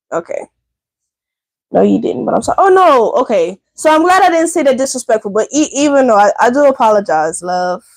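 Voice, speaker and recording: Woman, high voice, animated, livestream chat at home, dry close sound. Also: no echo. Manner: chatty, talks straight to viewers as y'all. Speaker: channel host. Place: home indoors.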